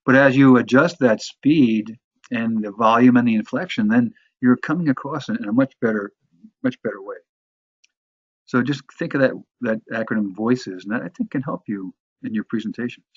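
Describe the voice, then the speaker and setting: Husky man teaching in a dull recording. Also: mid-range voice, moderate pace, dry recording. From New York area. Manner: conversational, frequent restarts and repeated words. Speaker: course instructor. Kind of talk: instructional talk on sales presentations.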